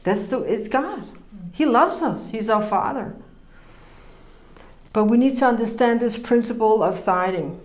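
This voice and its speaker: A woman's voice: on the high side, animated, measured pace, pauses often, a little mellow. Earnest woman preacher in a roomy space. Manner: earnest, conversational, laughs often. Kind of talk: informal sermon teaching. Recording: roomy echo.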